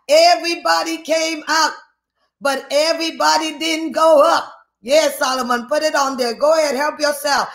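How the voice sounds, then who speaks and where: A man's voice: extremely high pitch, fairly bright tone. A man preaching a sermon, working the crowd with call-and-response and repeated phrases. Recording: echoey room.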